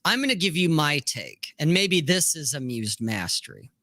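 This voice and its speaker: A man talks bluntly and swears freely in a casual podcast chat, often acting out both sides of a back-and-forth. His voice is bright and forceful, sitting a little higher than most men's. The sound is dry and close, with no room echo. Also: very animated, normal speed. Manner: blunt, profane, acts out both sides of exchanges.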